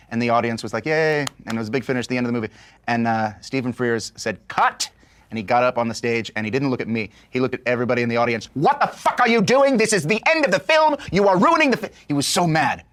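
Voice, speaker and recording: A man telling a profane, lively anecdote from his acting work, in an interview. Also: mid-range voice, no echo. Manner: fast, profane storytelling. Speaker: actor telling a story in an interview. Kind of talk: animated anecdote.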